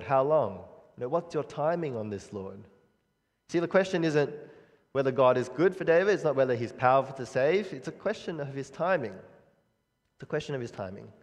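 A man's voice: medium pitch, a little mellow. Earnest man preaching in a reverberant hall. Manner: earnest, reflective, asks rhetorical questions, frequent "you know" fillers. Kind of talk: sermon on a psalm.

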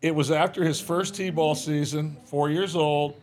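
As a guest in a podcast studio, an older man who once managed a baseball team tells stories in a casual, folksy interview style, acting out the quotes. His voice is fairly high, with fairly even intonation and a measured pace.

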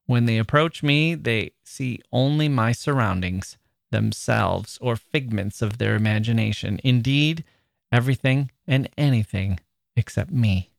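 Man giving a measured dramatic novel reading. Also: medium pitch, creaky, dry recording, clean studio sound. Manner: measured, expressive first-person storytelling. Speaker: reader.

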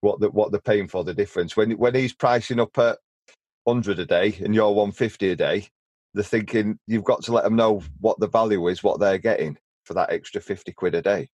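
A man's voice: lowish voice, fairly quick, darkish tone, no echo. A young man, a painter and decorator, chatting casually in an earnest, rambling way with frequent restarts. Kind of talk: casual chat.

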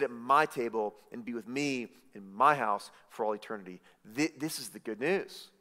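A man preaching a sermon, swinging from loud emphatic lines to hushed, intimate ones. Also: medium pitch, normal speed, few pauses. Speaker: pastor. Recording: reverberant hall.

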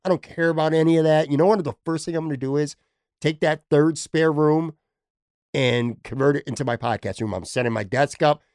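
Man, podcast host, rambling casual talk, slightly high voice, dry sound. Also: fairly quick, a little mellow, smooth, no echo. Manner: rambling, self-deprecating, swears casually. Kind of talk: casual chat. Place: temporary attic room.

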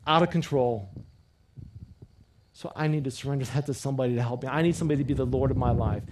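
A man preaching a sermon as a pastor, earnest and repeating key phrases as he leads the congregation in call-and-response, swinging between loud emphatic lines and quiet personal appeals. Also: mid-range voice, quick pace, noisy background.

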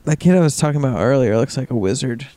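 A man's voice: mid-range voice, fast talker, warm tone. A man co-hosting a casual podcast, laid-back and teasing, answering with short replies and easy laughs. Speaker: podcast co-host. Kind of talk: casual chat.

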